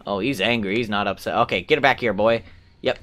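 A man's voice: fairly low pitch, brisk. A young man casually commentating his own video game playthrough, chatting to the characters and humming along. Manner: excitable, talks to the game characters, hums along, mild cursing. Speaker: gameplay commentator. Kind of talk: casual let's-play commentary. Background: game music.

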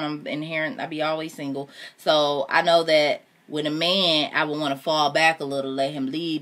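A woman reading a novel aloud in first person, in a steady storytelling manner. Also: deep voice, normal speed, hardly any pauses. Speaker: audiobook reader.

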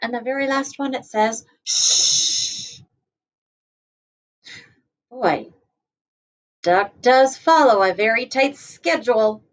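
A woman kindergarten teacher reading a picture book aloud to children, gently stopping to explain words. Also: a little high, lively intonation, unhurried, low-quality recording.

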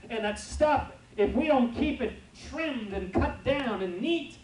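A male pastor preaching a lively, humorous sermon full of stories and asides to his congregation, recorded in a church. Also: very high voice, measured pace. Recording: roomy church from far off, faint noise.

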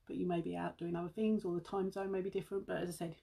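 A woman's voice: on the low side, little pitch movement, rapid-fire, vocal fry, dark tone, breathy edge. A British woman on a casual beauty live stream, chatty and a little out of breath, calling her viewers guys and humming to herself as she works. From United Kingdom. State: slightly out of breath. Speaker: beauty seller livestreaming.

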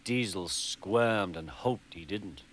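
A man narrating a children's storybook with gentle, expressive storytelling. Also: sits low, slow, a little hiss or hum. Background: music.

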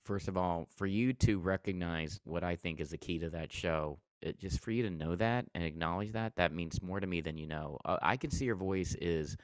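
Deep-voiced guy in an interview, earnest storytelling, lots of restarts, dry sound. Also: normal speed, hardly any pauses, no echo. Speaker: interview guest, comedian and TV host. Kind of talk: casual interview talk.

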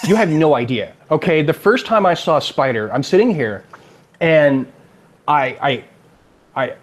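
A man's voice: on the high side, measured pace. A man from California with a Californian accent, a game designer chatting as an interview guest and acting out the people in his stories. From California, USA. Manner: animated storyteller, acts out quotes. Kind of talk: casual interview chat.

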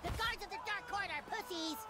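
Actors voicing bratty cartoon boys playing at medieval knights in a game, shouty and boastful. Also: male voice, very high-pitched, a little fast. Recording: loud game music behind.

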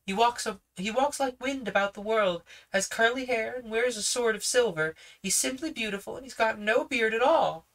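A storybook reader voicing a bold, excited young girl with an eager, sing-song delivery. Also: medium pitch, moderate pace, few pauses, recorded from a distance, voice pushed up, natural voice.

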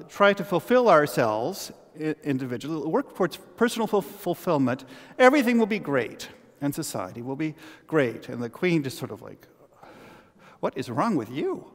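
A man preaching a sermon as pastor, telling a story with animated, halting restarts. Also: on the high side. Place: church sanctuary. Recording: long church reverb.

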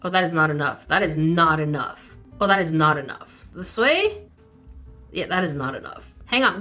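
A woman hosting a casual let's-play, giggly and excitable, talking to the game and the dog on screen. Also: fairly high pitch. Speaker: gaming channel host.

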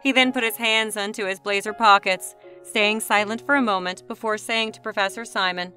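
Woman reading a story, bright voice, smooth and measured, soft music behind. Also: mid-range voice, steady tone. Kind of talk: scripted narration.

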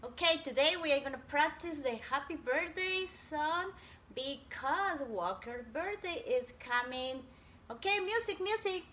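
A woman teaching a preschool class by video, talking slowly and cheerfully in a sing-song way to small children. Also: high voice, animated, pushed and bright, a little hiss or hum.

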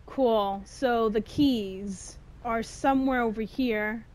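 A woman streaming a horror game, chatting and swearing, jumpy and quick to shout when chased. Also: on the high side. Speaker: gameplay streamer. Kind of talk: casual let's-play commentary.

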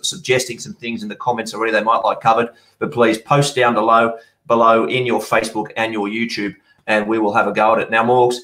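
A quick-talking man hosting a live sports show, his voice sitting a little low. He runs the segments and chats with his guests over a home camera link. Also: fairly bright tone. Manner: quick, chatty, steers the segments. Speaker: show host.

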